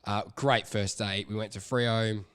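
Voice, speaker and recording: A young Australian man, co-host of a podcast, telling a story in casual chat and getting loud and high-pitched when he laughs at the punchlines. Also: fairly even intonation, a little slow, smooth.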